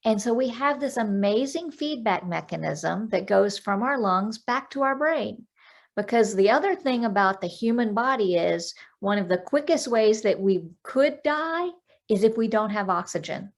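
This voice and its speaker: A woman life coach, a guest on a podcast interview over a video call, explaining calming techniques in a practical way and counting out breaths. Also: medium pitch, moderate pace, gravelly.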